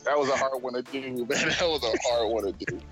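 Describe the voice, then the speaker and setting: A man calling in to a sports chat show, upbeat and excited about the win. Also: mid-range voice, fairly quick, faint music behind. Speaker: caller.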